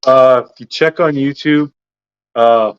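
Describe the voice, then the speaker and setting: A man's voice: medium pitch, a little slow, smooth. Joking Canadian man, dull lo-fi audio. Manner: joking, chatty, laughs often. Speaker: co-host of a live chat stream. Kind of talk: casual chat.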